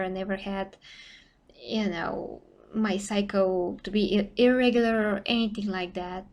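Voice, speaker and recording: A young woman from Bulgaria hosts a casual live stream, speaking English with a Bulgarian accent. She rambles from thought to thought and leans on "you know" fillers. Her pitch sits in a middle range, and her voice is getting tired from talking for a long time. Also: steady tone, moderate pace, vocal fry.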